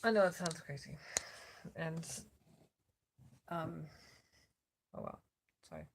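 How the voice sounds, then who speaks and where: An exhausted woman vlogging from her cot on a phone camera, her worn-out voice a little slurred as she rambles with many pauses. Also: low-pitched, vocal fry, noisy background. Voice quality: slightly slurred. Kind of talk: casual check-in vlog. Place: lying on a cot at home.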